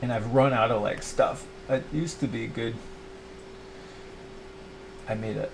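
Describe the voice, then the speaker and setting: A man's voice: mid-range voice, fairly even intonation, measured pace, creaky, long pauses. Middle-aged guy rambling to his camera, lots of likes and restarts, self-pitying, bit of faint noise behind. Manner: quotes himself in mock voices. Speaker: YouTuber. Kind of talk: rambling confessional monologue.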